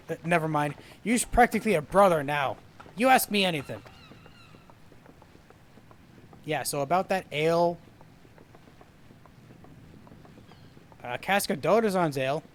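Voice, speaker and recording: A man's voice: high voice, a bit bright, a little hiss or hum. Rowdy drunken sailor, rambling braggart in old sea talk, read by a man doing the voice, game dialogue. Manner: rough sailor dialect, rambling and boisterous.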